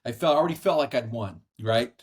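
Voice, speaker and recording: A middle-aged man tells a personal story as a podcast guest, earnest and animated. His voice sits at an ordinary middle pitch. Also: quick pace. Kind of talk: conversational storytelling. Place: brother-in-law's house.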